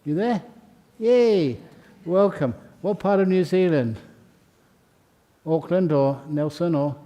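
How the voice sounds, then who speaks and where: This man's voice is a little high and the recording sounds lo-fi. Leading a ceremony in a meditation hall, he calls out names and greets every new member with slow, warm-hearted, chatty good humour, chuckling between each one.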